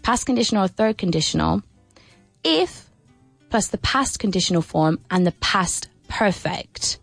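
A woman teaching English on the radio in a mid-pitched, close, dry voice. She is playful and laughs often, swinging her questions up and down in an exaggerated sing-song. Faint music sits under her. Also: measured pace, creaky, no room sound. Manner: lively, playful, with many laughs. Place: radio studio.

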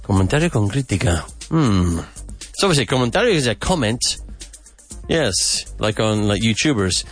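A man hosting a podcast vocabulary lesson, repeating words slowly and with emphasis. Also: lowish voice, big pitch swings, faint music behind. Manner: slow, emphatic repetition of words. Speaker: English teacher and podcast host.

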